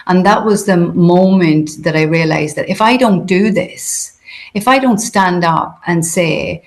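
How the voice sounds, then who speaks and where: A woman's voice: fairly low pitch, measured pace. A woman being interviewed, talking in a hesitant, conversational way with many fillers and restarts. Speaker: interview guest.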